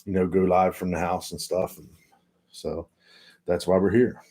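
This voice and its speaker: A man's voice: low-pitched, level tone, moderate pace, mellow. A man hosting a casual livestream from home, reading viewer comments aloud and chatting in a laid-back, rambling way. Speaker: livestream host. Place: at home, indoors.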